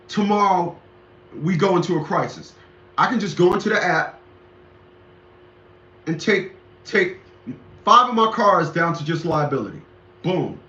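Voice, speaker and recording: Middle-aged guy preaching on his show, keeps repeating himself, high voice, kinda muffled. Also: pushed and bright. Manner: emphatic, repetitive, preachy. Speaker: commentary show host. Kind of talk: casual monologue commentary. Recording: echoey lo-fi room recording.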